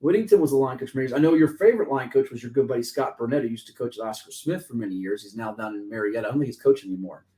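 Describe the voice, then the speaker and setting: A man hosting a sports talk show, talking fast and joking excitedly with his co-host. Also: mid-range voice, rough recording. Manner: fast, excitable, jokey and talkative.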